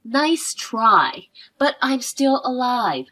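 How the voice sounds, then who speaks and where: A woman narrating a scripted story in a measured, expressive way. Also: fairly high pitch. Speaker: narrator voicing the wife.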